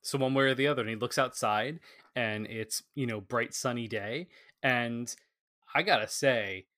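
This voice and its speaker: A man co-hosting a casual film chat, retelling scenes with lively acted-out quotes. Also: medium pitch, normal speed. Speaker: film podcast co-host.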